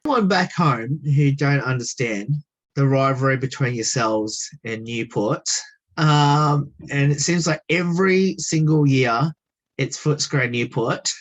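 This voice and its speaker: A radio host asking interview questions over a video call, hesitant and full of "um" fillers, laughing often. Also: male voice, mid-range voice, a little slow.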